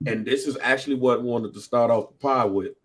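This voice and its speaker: Excitable man on a podcast. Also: fairly quick, slight background noise. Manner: excitable, laughing, rising into high animated bursts. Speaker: podcast co-host. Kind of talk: casual podcast chat.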